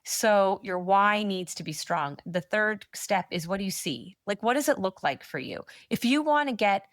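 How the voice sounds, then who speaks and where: A woman, a manifestation coach speaking as a podcast guest, telling stories in a lively, blunt and encouraging way with lots of "like". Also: medium pitch, no echo, studio quality. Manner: animated storyteller, quick asides with frequent "like". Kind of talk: casual podcast interview chat.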